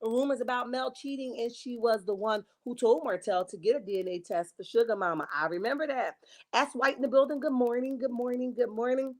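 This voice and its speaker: A woman's voice: a little high, lively intonation, brisk. A woman hosting a casual gossip livestream, reading viewer comments aloud and calling her viewers honey and baby. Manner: reenacts dramatic quotes. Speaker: livestream host reading chat.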